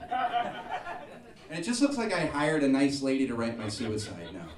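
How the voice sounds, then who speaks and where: A young man doing a stand-up comedy set, telling self-deprecating stories and bursting into loud acted voices. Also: fairly high pitch, sing-song, normal speed, crowd noise. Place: comedy club with live audience. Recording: echoey club from far off, audience audible.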